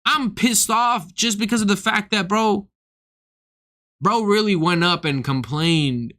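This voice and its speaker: Heated young man ranting, forceful voice. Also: high voice, a little slow. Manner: profane, heated, swings into act-outs. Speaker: comedian streaming to viewers. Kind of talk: casual ranting monologue.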